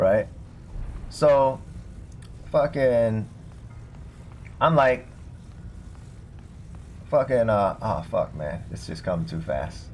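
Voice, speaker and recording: A man's voice: fairly low pitch, lively intonation, very slow, long pauses, slight background noise. A young man streaming a game, telling a long rambling story full of swearing and filler words. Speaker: streamer and bartender. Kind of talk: casual storytelling while livestreaming a game.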